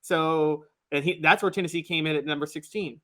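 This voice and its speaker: Opinionated co-host, fairly high voice. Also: male voice, fairly even intonation, fairly quick, a bit bright. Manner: opinionated, laughs at his own jokes. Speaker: sports podcast co-host. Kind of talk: casual sports talk.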